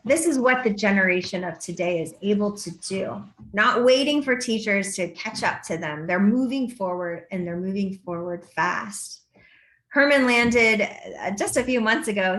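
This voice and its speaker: A woman's voice: mid-range voice, a bit bright. A middle-aged woman speaking at an education forum, telling stories and acting out quoted exchanges. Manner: storytelling, acts out quoted exchanges. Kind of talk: forum talk. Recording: roomy echo.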